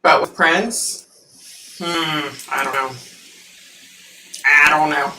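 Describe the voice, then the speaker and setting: A woman hosting a psychic livestream, chatting casually with viewers and laughing often; her voice sounds unusually deep through the mic. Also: fairly even intonation, drawn-out words, bright, forceful tone, roomy sound, recorded from a distance, a little hiss or hum, rough recording.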